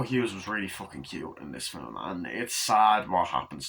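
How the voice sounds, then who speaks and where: A man's voice: low voice, very animated, moderate pace, creaky, few pauses, fairly bright tone, breathy edge. A young man giving a casual, rambling movie review, full of swearing and filler words. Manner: rambling, profane, filler-heavy.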